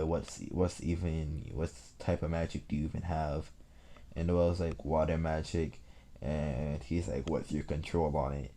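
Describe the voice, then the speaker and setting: A young man casually retelling a fan-made story, rambling and halting with many fillers and restarts. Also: rumbling low, dark tone.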